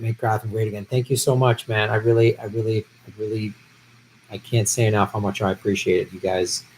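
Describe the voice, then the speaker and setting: A man's voice: medium pitch, a little mellow, slight background noise, low-quality recording. Male livestream host, loose and profane, reads viewer comments in everyday speech, mid-range voice. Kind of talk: casual livestream chat, reading viewer comments. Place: home streaming setup. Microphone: earpiece with improvised audio setup.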